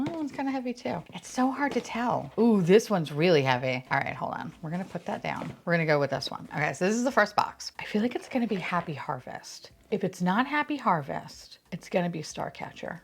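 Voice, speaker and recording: Excitable woman vlogger, casual chat, lively bouncing pitch, quick squeals. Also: vocal fry, slight background noise. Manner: bubbly, swears, frequent laughs and squeals. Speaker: unboxing vlogger.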